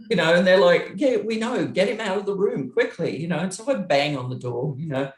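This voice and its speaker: Animated woman telling a backstage story. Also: moderate pace, echoey room. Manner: lively, acts out quoted dialogue with big pitch jumps; laughs often while telling the story. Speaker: interview guest, former touring roadie.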